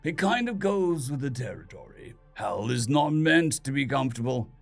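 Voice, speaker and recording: A man's voice: medium pitch, very animated, normal speed, gravelly, faint music behind. A man doing a sibilant, seductive fallen angel king. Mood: haughty. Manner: languid and haughty, formal old-fashioned phrasing. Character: bored, seductive male fallen angel ruler, haughty and menacing.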